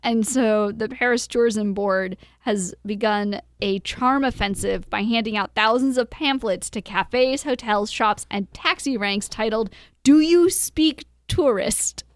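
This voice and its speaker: A woman's voice: medium pitch, unhurried, few pauses, no room sound, clean studio sound. A woman co-hosting a podcast who reads a news story aloud in casual chat, giggly, trailing off, with lots of fillers. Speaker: podcast co-host.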